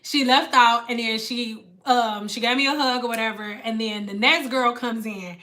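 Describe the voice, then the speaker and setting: Hairstylist lady on a livestream, high bright voice, slangy and animated. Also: normal speed. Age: adult with a daughter. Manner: animated slangy storyteller who acts out the people in her story. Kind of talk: casual storytelling on a livestream.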